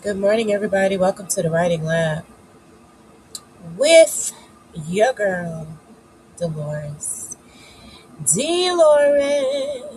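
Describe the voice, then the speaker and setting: Sniffly and coming down with a cold, a woman hosts a live writing session, chatty, playful and encouraging, sprinkling in lots of "y'all" and "child." Her fairly low voice stays steady and a little mellow at a normal speed. The casual livestream audio is rough, with slight background noise.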